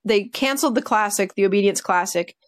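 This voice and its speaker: A woman dog trainer telling stories in a casual podcast chat, animated and full of fillers. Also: mid-range voice, fairly quick, no echo, studio quality. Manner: chatty, animated, with many fillers like "like" and "you know".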